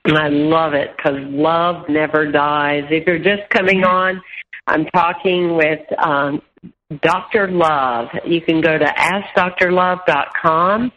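Woman radio host, slow emphatic phrases. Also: deep voice, steady tone, fairly bright tone, muffled recording. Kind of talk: radio talk show hosting.

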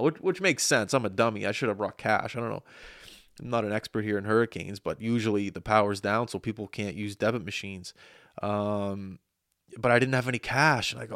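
Self-mocking podcast host. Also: male voice, on the low side, fairly even intonation, a little fast, dry recording, clean studio sound. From Atlantic Canada. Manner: rambling, self-deprecating storytelling with frequent restarts. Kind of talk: casual monologue. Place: small studio.

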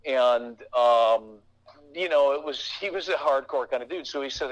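A man talks as an interview guest, winding through his stories with plenty of fillers and restarts. His voice sits in a middle register, and a lingering cough breaks in now and then. He slips readily into animated, gruff impressions of other people. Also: medium pitch, normal speed, poor audio. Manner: rambling, with many fillers and restarts; animated, mimicking his father's gruff talk. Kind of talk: casual interview storytelling.

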